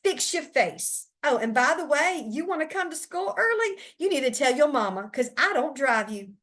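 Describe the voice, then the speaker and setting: Woman playing a strict teacher lady snapping at a kid, clipped and sharp. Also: sits high, sing-song, normal speed. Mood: scolding. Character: stern, scolding female teacher.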